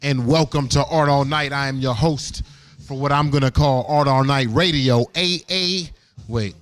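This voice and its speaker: A man's voice: medium pitch, steady tone, moderate pace. A man hosting a live radio show from a gallery event, playful and hyped, repeating his lines and teasing his guests. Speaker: host.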